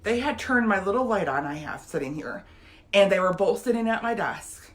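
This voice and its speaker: A woman's voice: mid-range voice, expressive, normal speed, fairly bright tone. A woman, giving an emotional, earnest motivational talk straight to her viewers. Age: 50s. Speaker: motivational vlogger.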